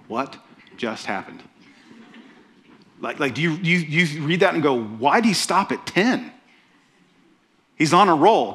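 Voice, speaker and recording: A man preaching a sermon in a conversational, animated storytelling way, often restarting his phrases. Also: a little high. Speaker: pastor.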